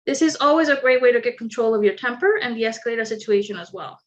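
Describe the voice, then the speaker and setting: Female workshop presenter, higher-pitched, clear and instructive, dull video-call audio. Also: animated, fast talker. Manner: clear instructive delivery with light asides. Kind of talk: online training presentation.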